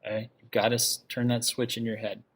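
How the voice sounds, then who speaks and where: A man's voice: medium pitch, little pitch movement, a little fast. A man teaching a math class, explaining step by step and often stopping to ask "okay?" to check that his students follow. He asks the class questions and repeats the key ideas. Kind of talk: classroom lecture.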